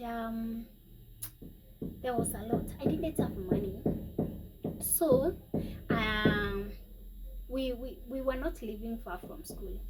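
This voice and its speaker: A woman with a Kenyan accent telling a personal story in a vlog, emotional and halting, with sighs and pauses. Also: a little high, dark tone. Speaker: vlogger. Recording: distant mic, faint background noise.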